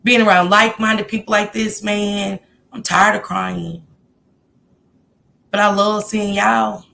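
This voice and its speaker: A woman's voice: medium pitch, steady tone, slow pace, creaky, pushed and bright. A woman hosting a casual livestream, talking heartfelt and encouraging as she greets viewers in the chat by name. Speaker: livestream host.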